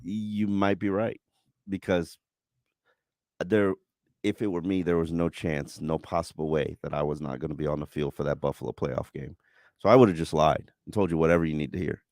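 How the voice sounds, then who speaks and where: A middle-aged man hosting sports radio, talking bluntly in casual banter and sometimes turning animated. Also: a bass voice, normal speed, no echo, studio quality. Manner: blunt, animated when mimicking others. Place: radio studio. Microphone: studio microphone.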